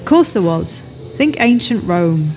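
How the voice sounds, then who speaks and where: A woman puts on a brash, chatty woman who swears freely and teases her friend. The voice sits low and warm. Faint music plays under the reading. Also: sing-song, slow. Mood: storytelling. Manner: blunt, swearing, teasing. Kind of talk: audiobook character voice.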